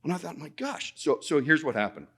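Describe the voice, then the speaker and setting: A man speaking at a conference, telling a personal story in an animated way, often repeating words and acting out the dialogue. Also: a little high, fast talker, breathy edge. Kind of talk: storytelling presentation. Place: conference talk.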